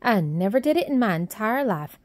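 A woman's voice: mid-range voice, sing-song, moderate pace, a little mellow, no room sound, voice pushed up, lightly acted. A woman voicing a haughty, spoiled little rich girl who talks coldly and demandingly.

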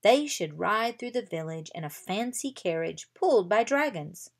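A woman reading aloud as a cheerful, excited young girl who trains dragons. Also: medium pitch, moderate pace, creaky.

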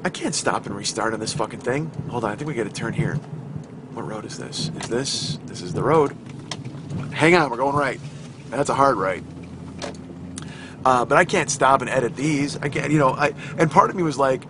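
A man with a hoarse voice hosting a rambling, profane, self-mocking comedy podcast while driving, recorded on his phone inside the car. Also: a little high, expressive, fast. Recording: car road noise on a phone.

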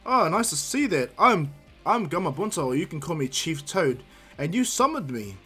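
A gruff giant toad chief, as a man puts him on, casual and friendly, brushing things off and calling others kid. Told as a fan story over faint music, the voice stays close to a plain narrator. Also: fairly high pitch, big pitch swings, normal speed, a bit bright, heavily acted.

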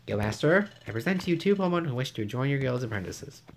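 A man voicing a fussy, bossy male parrot who assists a guildmaster, in a squeaky, high, prim voice. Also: very animated, quick pace, a little hiss or hum, poor audio.

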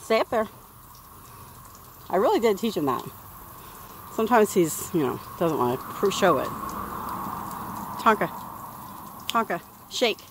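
A woman's voice: medium pitch, very animated, a little slow, pauses often, a little hiss or hum. Chatty woman bathing her dog. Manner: chatty, talks to her dog in a coaxing sing-song. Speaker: dog owner vlogger. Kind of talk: casual vlog narration. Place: outdoors by a pool.

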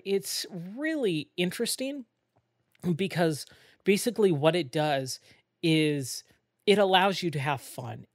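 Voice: mid-range voice, no echo. Rambling podcast host, dry close sound. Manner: rambling, with frequent fillers and self-corrections. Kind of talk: casual solo podcast talk.

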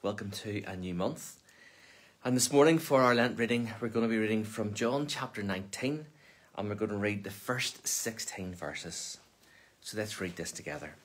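A minister reading a Bible passage aloud for Lent, then explaining it in plain, conversational talk. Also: male voice, fairly low pitch, moderate pace.

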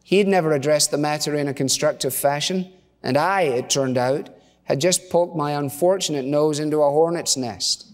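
A man's voice: a little high, moderate pace. Conversational male preacher in reverberant church. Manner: conversational storytelling with asides and fillers. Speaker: pastor. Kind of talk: sermon.

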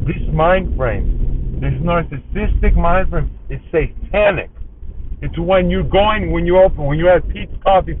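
A man giving a casual, preachy spoken monologue about people and society, repeating himself as he moralizes. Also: sits high. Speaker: self-styled spiritual counselor. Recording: tinny phone-like audio.

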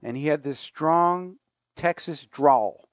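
A man's voice: fairly high pitch, takes it slowly, no room sound, clean studio sound. A man hosting a finance radio show, talking casually and conversationally with fillers and asides.

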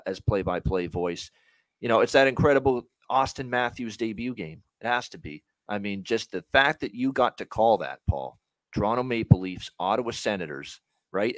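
A male sports podcast host with a lowish voice talks emphatically and opinionatedly, swinging between loud bursts and quieter asides. The recording is dry and close. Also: no room sound. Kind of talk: casual sports podcast chat.

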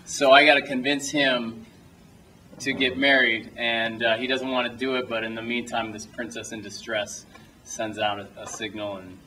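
A young male filmmaker at a post-screening Q&A speaks to a small audience in a cinema auditorium, his medium-pitched voice level in tone, pushed and bright, at a normal pace. He rambles through loose anecdotes, restarting sentences, interrupting himself and laughing often. The rough recording is far from the mic, with slight background noise.

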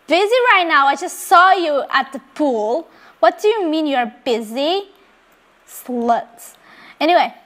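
Let's-play host: young woman, Portuguese accent, high voice, unhurried, chatty and easily excited. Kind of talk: casual gameplay commentary.

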